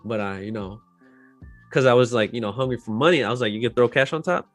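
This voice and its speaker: A man's voice: mid-range voice, quick pace, soft background music. Casual, profane man. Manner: profane, lots of "like", mostly subdued with loud outbursts. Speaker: host. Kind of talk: casual chat.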